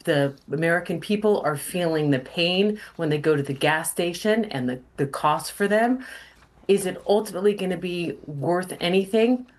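A woman's voice: on the low side, normal speed. A woman political commentator on a news panel, making her case through pointed rhetorical questions.

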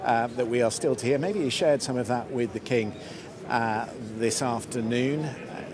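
Male news presenter outdoors, crowd behind. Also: mid-range voice. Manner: brisk, conversational questioning. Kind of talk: live news broadcast. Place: outdoors on a city street. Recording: outdoor broadcast with crowd noise. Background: crowd chatter and passing traffic.

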